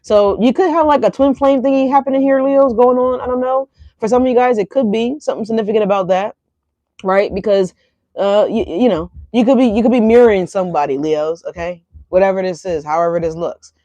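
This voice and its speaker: A woman's voice: medium pitch, brisk, warm tone, no echo, dull audio. Chatty woman tarot reader, dry sound. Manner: chatty, tags lines with "right?" and "y'all". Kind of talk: casual tarot reading to camera.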